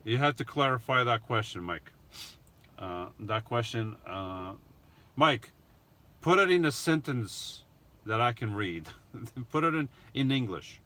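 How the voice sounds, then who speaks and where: Chatting live from his van via phone, this middle-aged vlogger reads out viewer questions and replies to them in a relaxed Q&A stream. His mid-range voice is animated, pushed and bright. He talks a little slowly, with long pauses.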